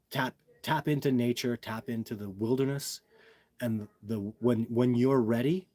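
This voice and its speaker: A man's voice: mid-range voice, dark tone, dry recording. A man hosting a casual livestream, talking emphatically and with many repeats, answering viewers' questions. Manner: emphatic, repetitive, addresses viewers as guys.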